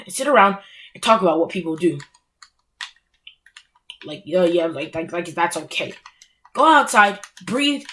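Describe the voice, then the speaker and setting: A woman's voice: mid-range voice, fairly bright tone, slight background noise. A young woman ranting casually and with exasperation, full of filler words and mocking quotes. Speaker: anime ranter. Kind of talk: casual rant.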